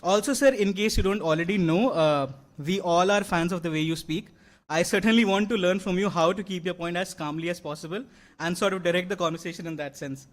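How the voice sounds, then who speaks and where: A man's voice: high voice, a little fast. A young man, giving an earnest graduation speech with many fillers and restarts. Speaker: award-winning graduate. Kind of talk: convocation speech. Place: large convocation hall.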